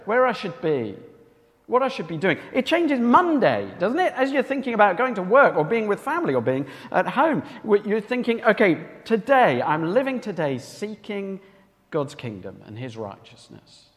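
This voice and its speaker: A man's voice: sits high, huge pitch swings, normal speed. A man preaching a sermon with emphasis, often asking his listeners rhetorical questions. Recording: long reverb of a hall.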